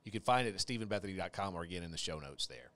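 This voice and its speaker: A man's voice: deep voice, animated, racing, a bit bright. A man co-hosting a faith-based podcast, talking in a rambling, joking, self-deprecating way with fillers. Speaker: podcast co-host. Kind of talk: casual chat.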